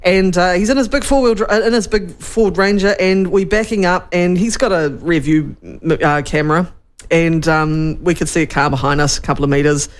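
A man's voice: high voice, a little fast, clean tone. A man with a New Zealand accent, co-hosting a radio show in casual chat and telling stories with acted-out quotes and sound effects. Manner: animated storyteller, acts out quotes and beeping noises. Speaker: radio co-host.

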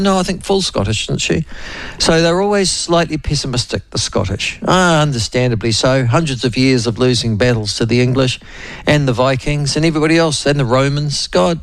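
A middle-aged New Zealand man hosts a talk radio show in a rambling, opinionated and wry way. His voice is gravelly and sits a little high for a man. The studio sound is dry and close. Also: no echo. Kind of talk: casual talk radio monologue. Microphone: studio microphone.

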